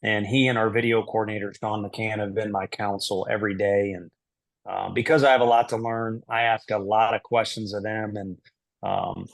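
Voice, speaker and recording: A man's voice: fairly low pitch, level tone, moderate pace, vocal fry. Man laughing through candid coaching answers. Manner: laughs easily, talks through answers aloud with self-deprecating humor. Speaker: head baseball coach, podcast guest. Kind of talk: casual interview answers.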